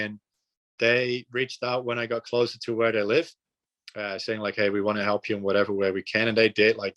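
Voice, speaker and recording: A young man from the Netherlands, a podcast guest telling a story in an earnest, relaxed way, with frequent fillers and repeated words. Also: mid-range voice. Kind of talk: casual storytelling.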